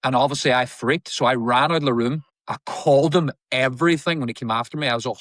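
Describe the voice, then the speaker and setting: A man's voice: medium pitch, quick pace, hardly any pauses, fairly bright tone, no room sound. A man, an actor guest, telling candid stories in an interview, emphatic and repetitive, swearing now and then.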